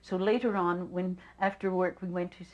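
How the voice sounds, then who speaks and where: An older woman recalling the past in an interview, halting and repeating words as she tells her story. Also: lowish voice, flat delivery, a little mellow, lo-fi sound. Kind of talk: reminiscing interview.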